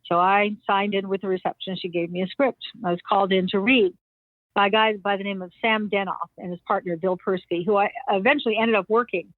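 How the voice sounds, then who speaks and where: Older woman telling lively stories over a tinny line. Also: medium pitch, no room sound. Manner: animated anecdotes, acting out others' lines with laughs. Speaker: guest. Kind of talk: storytelling interview. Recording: dry tinny phone-like sound.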